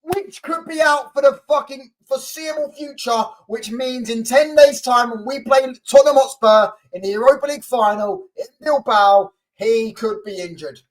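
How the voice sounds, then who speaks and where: A man's voice: extremely high pitch, normal speed, hardly any pauses, poor audio. A man hosting a football fan channel, ranting angrily and repetitively with lots of swearing. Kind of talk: angry fan rant to camera.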